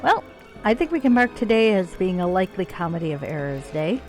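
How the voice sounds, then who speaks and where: Woman streamer rambling over her game, swears a lot, lowish voice that bounces around, quiet music behind. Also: big pitch swings, brisk. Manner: chatty, swearing, self-mocking. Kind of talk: casual gameplay commentary. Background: faint game music.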